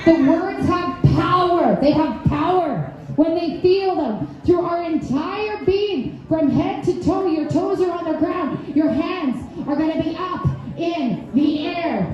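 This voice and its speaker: High-voiced woman emceeing a rally. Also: a little slow, few pauses, echoey room, recorded from a distance, highs cut off. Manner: energetic call-and-response chanting. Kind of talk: rally emcee hyping a crowd. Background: crowd noise.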